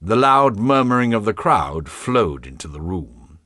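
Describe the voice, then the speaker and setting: A man narrating a historical novel as an audiobook, expressive and measured. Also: fairly low pitch, dry recording, clean studio sound. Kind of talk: scripted narration.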